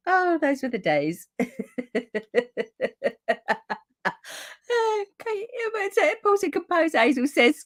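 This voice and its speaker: This papercraft livestream host, a woman in her fifties, sits high in pitch with a sing-song lilt, drawing out her words and leaving long pauses. Her casual crafting chat is constantly interrupted by her own laughter, followed by apologies.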